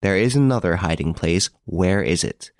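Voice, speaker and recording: A man voicing a suave gentleman thief in an audiobook, cool, ironic and commanding. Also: deep voice, lively intonation, moderate pace, no echo, clean studio sound.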